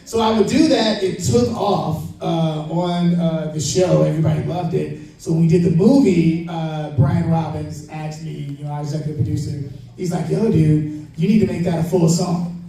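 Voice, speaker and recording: High-voiced man telling stories in an echoing hall. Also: moderate pace, vocal fry. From Chicago, United States. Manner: animated, laughing, loud shout-outs. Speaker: panel guest actor. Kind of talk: comic con panel Q&A storytelling. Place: large convention hall. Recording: echoey hall, taped from far off.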